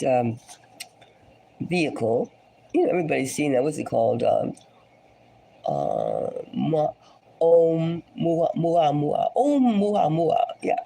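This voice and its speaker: Hoarse, scratchy-voiced woman tarot reader. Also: low voice, mellow. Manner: rambling, dips into whispers. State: hoarse, getting over a cold. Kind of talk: casual speculative tarot reading.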